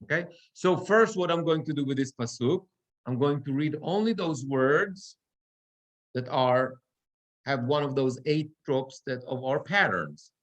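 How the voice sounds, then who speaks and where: A male cantor teaching a class how to read the Torah, explaining the marks and then chanting verses in drawn-out cantillation. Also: mid-range voice, lively intonation. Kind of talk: class instruction with chanted examples. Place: synagogue classroom.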